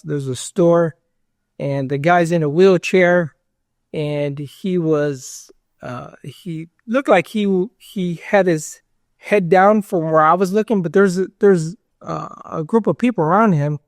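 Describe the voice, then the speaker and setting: Gravelly man telling a story. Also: on the high side, no room sound, studio quality. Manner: rambling, many fillers and quoted dialogue. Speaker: interview guest. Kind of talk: casual storytelling.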